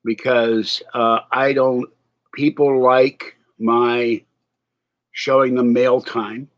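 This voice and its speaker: A man's voice: mid-range voice, little pitch movement, very slow. A man with a slight cold rambles through a casual live stream, drifting from topic to topic and chuckling at his own asides. His voice sits mid-range and comes through a dull, lo-fi recording. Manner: rambling, distracted, laughs at his own remarks. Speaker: vlogger.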